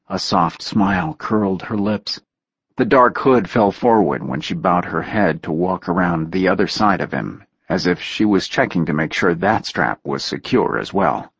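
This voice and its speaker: Husky low-voiced man narrating a story. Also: dry recording, highs cut off. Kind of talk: audiobook narration.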